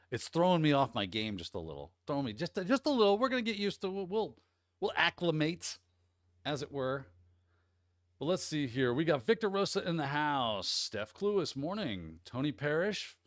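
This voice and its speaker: A man's voice: mid-range voice, no room sound, studio quality. Upbeat man hosting a live chat. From Midwest US. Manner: upbeat, rambling, greeting viewers by name. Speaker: host. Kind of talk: casual livestream chat.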